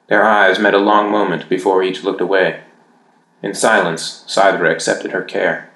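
Low-voiced man narrating in an echoey room. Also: little pitch movement, normal speed, pushed and bright. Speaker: audiobook narrator. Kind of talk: fantasy audiobook narration.

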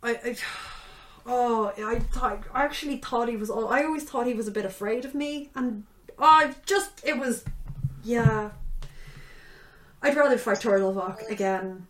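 A woman taking part in a tabletop role-playing session who answers in a wry, hesitant manner. She speaks very slowly in a slightly high voice, with faint noise behind her. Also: echoey room. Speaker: player. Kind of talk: tabletop role-play chat.

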